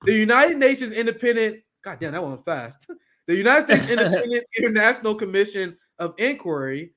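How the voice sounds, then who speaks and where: High-voiced man ranting profanely. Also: brisk. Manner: profane, animated, laughs often; reads clips aloud while reacting. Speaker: political commentary host. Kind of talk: casual political commentary.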